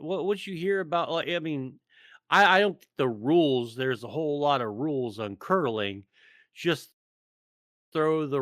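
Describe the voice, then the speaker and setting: A man's voice: on the high side, fairly bright tone, no echo, studio quality. A man co-hosting a casual podcast, ranting sarcastically with lots of stammers and restarts. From United States. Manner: rambling, stammering, sarcastic rant. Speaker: podcast co-host. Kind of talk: casual chat.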